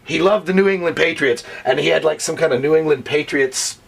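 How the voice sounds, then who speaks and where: A man telling profane stories in a casual interview, animated and full of curses. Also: on the high side, a little fast, creaky. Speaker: wrestling interview guest. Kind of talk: casual storytelling.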